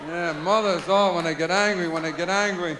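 A man with a very high voice works through a stand-up routine, full of lively rhetorical questions. The room rings with echo, and a loud audience murmurs around him. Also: fairly quick. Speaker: stand-up comedian. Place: live comedy stage. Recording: echoey live venue with crowd noise.

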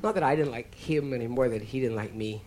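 A man in his thirties from Canada performing a stand-up comedy monologue, telling wry stories that build to sudden loud punchlines. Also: medium pitch, fast talker. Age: 30s. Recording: noisy live comedy recording.

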